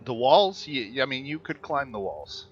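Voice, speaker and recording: A man narrating as dungeon master of an online tabletop game, pausing often with fillers as he reads the rules. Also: mid-range voice, sing-song, husky. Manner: hesitant, many uh fillers while reading rules. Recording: dull lo-fi voice chat with faint music.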